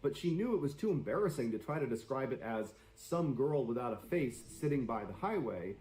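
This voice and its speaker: A man's voice: medium pitch, very animated, fairly quick, warm tone, echoey room, rough recording. A man telling suspenseful stories on a live stream in a dramatic storyteller's delivery.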